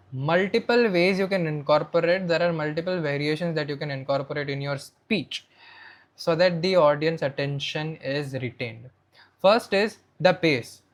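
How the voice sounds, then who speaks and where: A young man with an Indian English accent giving a spoken tutorial on presentation skills, shifting between soft and loud delivery as he demonstrates voice modulation. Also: high-pitched. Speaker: presentation coach.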